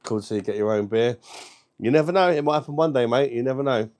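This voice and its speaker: Quick-paced and darkish in tone, this mid-range male voice belongs to a beer review livestream host. He runs a casual stream, reading out comments from viewers, joking cheekily and cursing freely.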